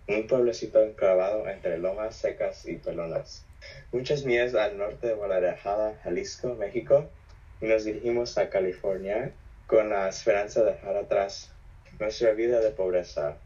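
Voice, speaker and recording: A teenage boy with a raspy, lowish voice, talking in a hesitant, casual way as a guest on a friend's podcast. The recording is dull and lo-fi, with the top end muffled. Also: mellow. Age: teens. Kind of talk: casual chat and reading aloud.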